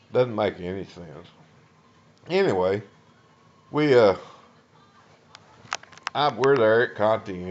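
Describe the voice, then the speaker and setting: An older man from Texas with a Texan accent, a veteran telling a personal war story in a folksy, halting way, full of uh's and restarts. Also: lowish voice, highs cut off. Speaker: Vietnam veteran.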